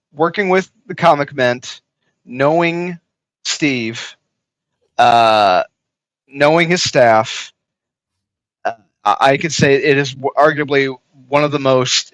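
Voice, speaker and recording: A man who creates comics, speaking as a guest in a casual interview, hesitant and full of pauses. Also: medium pitch, a bit bright, no room sound, poor audio. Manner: hesitant, lots of "uh" fillers and restarts.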